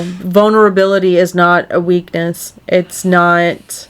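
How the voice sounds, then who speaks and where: Slow-talking earnest woman podcaster. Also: fairly low pitch. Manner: earnest, rambling with many fillers. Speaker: podcast co-host. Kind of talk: casual podcast chat. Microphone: podcast microphone.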